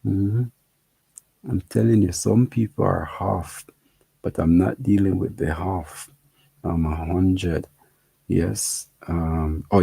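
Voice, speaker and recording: A man's voice: low voice, gravelly, dark tone, breathy edge, no room sound. A man with a Jamaican accent hosting a casual livestream, chatting with viewers, laughing and repeating himself. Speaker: livestream host. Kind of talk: casual livestream chat reading comments.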